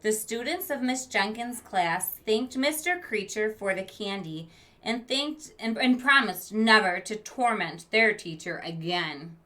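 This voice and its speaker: A woman teacher reads a picture book aloud to children in a mid-range, expressive voice that's a little slow and sharp in tone. She pauses to explain words, asks the kids questions and slips into whispered asides.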